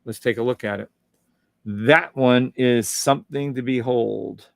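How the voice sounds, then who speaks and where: Gravelly man humming over live charts. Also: mid-range voice, measured pace, dry recording. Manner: hums and scats while scrolling charts; upbeat and salesy, reads out viewer comments. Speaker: host of a live trading stream. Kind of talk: casual live-stream chart walkthrough.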